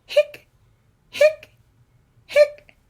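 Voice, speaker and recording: Woman doing a squeaky hiccuping skeleton boy. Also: very slow, warm tone. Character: small male skeleton with nonstop squeaky hiccups.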